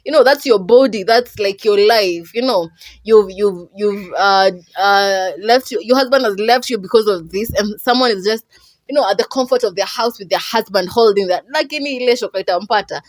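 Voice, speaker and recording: A woman's voice: medium pitch, moderate pace, no echo. A young Kenyan woman hosting a podcast, chatting expressively through a movie review and slipping between English and Swahili.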